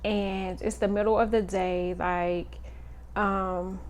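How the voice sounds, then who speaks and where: A woman in her thirties, a mother, talking through a personal story slowly with many fillers and pauses. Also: mid-range voice, level tone. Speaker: mother vlogger. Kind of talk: personal reflective monologue.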